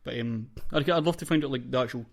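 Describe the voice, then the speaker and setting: A man's voice: mid-range voice, fast talker, gravelly. A young Scottish man co-hosting a podcast, rambling in a jokey, casual way. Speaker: podcast co-host.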